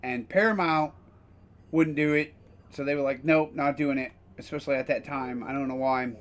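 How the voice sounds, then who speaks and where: A man's voice: mid-range voice, steady tone, normal speed, fairly bright tone, a little hiss or hum. A man casually streaming a game, rambling with frequent fillers and the odd curse. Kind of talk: casual gameplay commentary.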